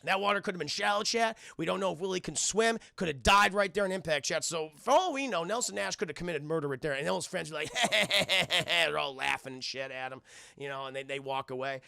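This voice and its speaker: A man recapping a cartoon episode live for his chat, swearing often and briefly voicing the characters as he goes. His voice is pitched a bit high, with a bright, edgy tone and plenty of gravelly fry. The sound is close and dry. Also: no room sound. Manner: rambling, swears, keeps addressing chat; acts out characters' lines in quick voices. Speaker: cartoon reviewer streaming to chat.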